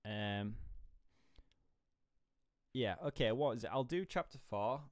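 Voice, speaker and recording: A man's voice: mid-range voice, lively intonation, takes it slowly, no echo, studio quality. A man casually chatting and reading a book aloud on a livestream, rambling and laughing at himself.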